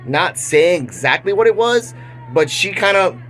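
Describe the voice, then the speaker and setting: A man's voice: high voice, animated, measured pace, a bit bright. A young man hosting an online commentary show, casually retelling a news story with frequent restarts. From Puerto Rico. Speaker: commentary channel host.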